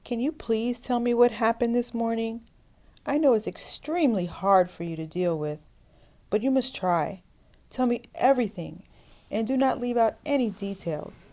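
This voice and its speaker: A calculating woman hospital chief, put on by a male storyteller, speaking in a mellow, syrupy tone that thinly covers her icy calm. Her false sympathy hides a snake-like patience, all in a storybook reading. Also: extremely high pitch, normal speed, voice pushed up.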